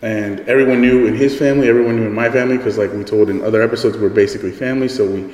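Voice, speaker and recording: A man's voice: mid-range voice, steady tone, rapid-fire, darkish tone. A young man hosting a podcast, telling a story in a loose, rambling way, full of "like" and casual swearing. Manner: rambling, heavy use of "like" and swearing. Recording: echoey room with long reverb, faint noise.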